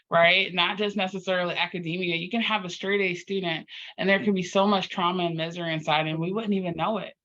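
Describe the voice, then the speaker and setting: A woman guest on an interview podcast, talking earnestly in an animated, storytelling way and acting out her own inner dialogue. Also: medium pitch. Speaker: podcast guest, life coach. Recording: slightly muffled lo-fi audio.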